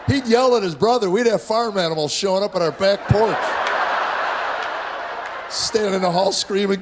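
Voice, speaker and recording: A man's voice: sits high, normal speed, long pauses. A middle-aged man doing a stand-up comedy routine, telling stories and acting out voices. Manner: storytelling, animated, acting out voices. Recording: live club audio with audience noise.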